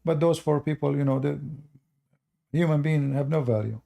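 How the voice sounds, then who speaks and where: A man's voice: a little high, moderate pace, gravelly, warm tone. A man talking casually as a religious commentator, answering viewer questions in a rambling way with many fillers. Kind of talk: casual livestream chat.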